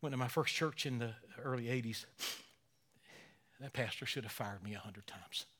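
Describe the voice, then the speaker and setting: A man in his sixties, a pastor, preaches at medium pitch with strong emotion. He alternates between hushed, nearly whispered lines and rousing, loud emphasis, taking key phrases slowly.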